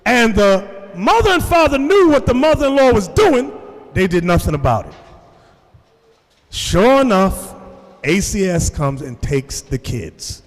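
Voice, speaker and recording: A man's voice: high voice, sing-song, measured pace, in a large hall. A man preaching to a congregation, telling stories and addressing the room directly. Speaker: religious teacher. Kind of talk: sermon to a congregation.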